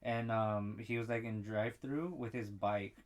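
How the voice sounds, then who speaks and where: Telling a profanity-laced tale on a casual podcast he co-hosts, a young man speaks at normal speed in a lowish, fairly even voice. He keeps losing his thread and starting over, performing each quoted line himself.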